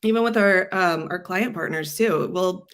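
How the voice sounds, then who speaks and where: A woman's voice: lowish voice, moderate pace, a bit bright. A woman guest on an interview chat, talking with rambling enthusiasm and plenty of fillers. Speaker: agency guest.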